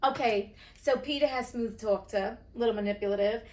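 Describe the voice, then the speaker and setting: A woman's voice: on the high side, a little fast, darkish tone. A woman from New Jersey reading a classic book aloud and breaking off for sassy, blunt commentary. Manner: sassy, blunt, swears casually. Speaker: audiobook reader and commentator. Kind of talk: casual storytime reading with commentary.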